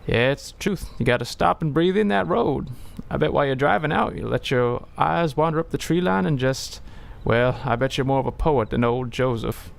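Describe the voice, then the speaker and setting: A man voicing a sentimental old gas station owner, reading his lines in a folksy, unhurried way. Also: medium pitch, vocal fry, lightly acted.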